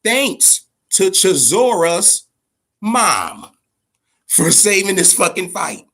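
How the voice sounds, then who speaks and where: A man's voice: sits high, slow pace, creaky. A man hosting a casual boxing talk show, rambling and swearing as he tells fight gossip. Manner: profane, rambling, animated. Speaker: host.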